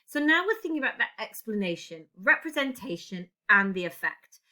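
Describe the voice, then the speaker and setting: A woman teaches an English lesson, working through an example answer aloud. Her voice is bright and crisp, and she thinks out loud as she types. Keyboard clicks run under her speech. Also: a little high, big pitch swings, normal speed. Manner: talks while typing, thinking aloud. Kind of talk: recorded exam-writing lesson.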